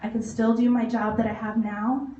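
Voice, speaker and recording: A woman in her thirties giving a personal testimonial to an audience, animated, laughing often and acting out voices. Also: a little high, moderate pace, highs cut off. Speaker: motivational speaker. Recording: echoey hall recorded from far off.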